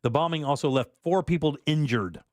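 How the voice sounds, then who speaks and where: A man's voice: fairly high pitch, fairly quick, darkish tone, slight background noise. A man hosting a talk-radio show, chatting loosely with his co-hosts, laughing easily and reading listener texts aloud. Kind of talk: casual talk-radio banter.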